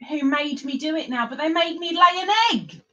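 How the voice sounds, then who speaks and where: A woman's voice: high-pitched, moderate pace, pushed and bright, muffled recording. A woman hosting a casual livestream, chatting and giggling in a rambling, teasing way. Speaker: livestream host.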